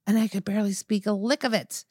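A woman's voice: medium pitch, steady tone, fast talker, a little mellow, husky, dry recording, studio quality. A woman co-hosting a podcast in casual chat, talking freely and laughing easily. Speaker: podcast co-host.

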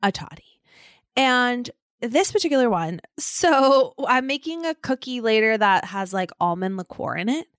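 A woman co-hosting a podcast in casual chat, telling stories in an animated way and laughing often, recording from home apart from her co-host. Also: on the high side, unhurried, smooth, no room sound, studio quality.

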